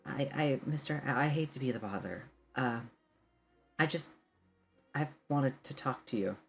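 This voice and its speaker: A man voicing a nervous, polite young woman who stammers and apologizes in a soft, hesitant voice. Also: mid-range voice, animated, takes it slowly, faint music behind.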